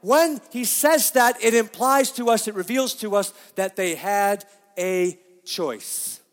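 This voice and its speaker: A man's voice: sits high, slow pace, big-room sound. A middle-aged man preaching a sermon as pastor, emphatic and often asking his congregation questions.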